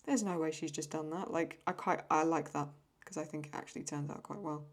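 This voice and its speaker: A woman's voice: sits low, steady tone, fairly quick. Chatty English woman drawing on stream. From England. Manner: chatty, rambling, self-talk. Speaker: host. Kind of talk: casual chat while drawing.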